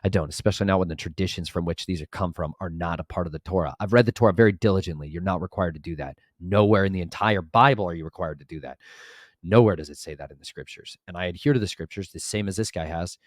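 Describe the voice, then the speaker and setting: A young man with a very low voice rattles off a story at high speed, acting out both sides of a conversation. He turns emphatic and preachy when he talks about scripture. The sound is dry and close. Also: dry recording. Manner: fast, animated storytelling with quoted dialogue. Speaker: vlogger and author. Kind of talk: casual storytelling vlog.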